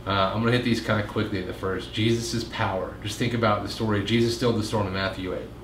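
A pastor giving a casual midweek Bible teaching, chatting with jokes and asides and acting out quoted lines in a raised voice. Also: male voice, fairly even intonation, fast. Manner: conversational, jokes and asides, acts out quotes with rising pitch. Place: meeting room. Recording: roomy echo, faint room noise.

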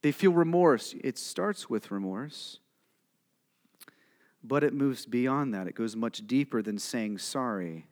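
A male pastor preaching a sermon in a direct, conversational way, asking the listeners questions and swinging from quiet and low to loud and emphatic. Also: slow pace, long pauses. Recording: long hall reverb.

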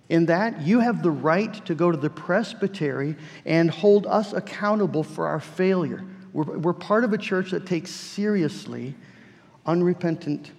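Male pastor, earnest sermon delivery, repeats himself, gravelly tone, church echo. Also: on the high side, a little mellow. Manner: earnest preaching with repeated phrases. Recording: long church reverb.

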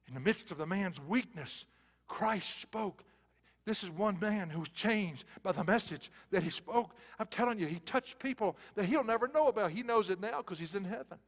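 A man preaching a sermon with a fairly high voice, dropping to near-whispers and then rising to loud, forceful bursts. His voice rings with the long reverb of a big auditorium. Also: lively intonation, moderate pace. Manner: swings from hushed, soft passages to loud, emphatic bursts.

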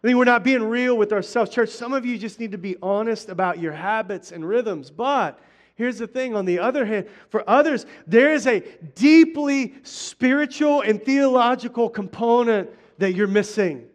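High-pitched middle-aged guy preaching, chatty, lots of restarts, talks right at the church. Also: moderate pace. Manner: conversational preaching, frequent restarts and direct address. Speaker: pastor. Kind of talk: sermon.

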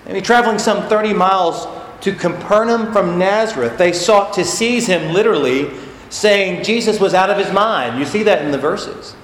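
In an echoey church hall with faint noise, a man preaches as pastor from the sanctuary, stressing his points by saying them again and again. He speaks at normal speed in a voice that sits high and sounds a bit bright, and his manner is emphatic.

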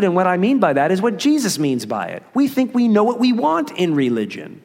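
A man's voice: high-pitched, huge pitch swings, brisk, vocal fry, a little mellow, long reverb tail. A man preaching a sermon as pastor, earnest and conversational, with emphasis that rises and falls.

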